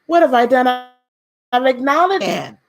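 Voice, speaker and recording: Gentle woman giving a spiritual talk. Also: high voice, sing-song, moderate pace. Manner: gentle, preacherly, repeats phrases for emphasis; speaks directly to viewers, calls them beloved. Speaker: spiritual teacher hosting a live stream.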